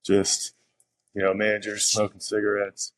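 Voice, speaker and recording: A young man with a low, deep voice speaks casually as a podcast guest, rambling through his stories with frequent fillers and restarts. The recording is dry and close, with no room sound. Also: completely flat delivery, moderate pace, a bit bright, no room sound. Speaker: professional pitcher, podcast guest. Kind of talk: casual interview storytelling.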